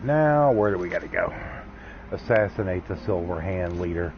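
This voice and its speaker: A man's voice: low voice, lively intonation, moderate pace, noisy background. A man hosting a game livestream, chatting casually and rambling in a laid-back, folksy way. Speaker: gaming livestream host. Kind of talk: casual chat while streaming a game. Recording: slightly dull lo-fi stream audio.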